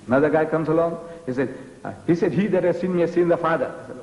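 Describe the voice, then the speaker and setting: A man's voice: on the high side, quick pace, a little mellow. An older man from South Africa, answering in an interview with an emphatic, preaching style, hammering the same rhetorical challenge again and again. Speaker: guest lecturer. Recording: dull, roomy archival TV recording.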